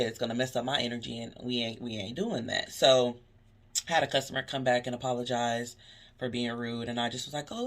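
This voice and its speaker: A woman who works as a cashier, talking in a casual vlog, telling animated stories about customers and preaching positivity. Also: very deep voice. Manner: animated storytelling, acting out customer exchanges.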